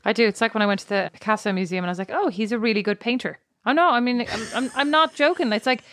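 An Irish woman in her thirties, co-hosting a podcast in casual chat, telling stories with animated self-mockery. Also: on the high side, very fast, no room sound, clean studio sound. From Ireland. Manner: animated, storytelling, self-mocking. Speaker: podcast co-host.

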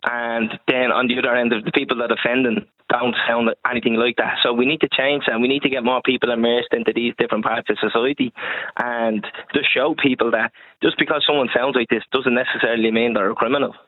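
Irish guest, young man, quick and earnest, dry tinny phone line. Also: medium pitch, fairly even intonation, dry recording. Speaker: podcast presenter, guest. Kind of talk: radio interview.

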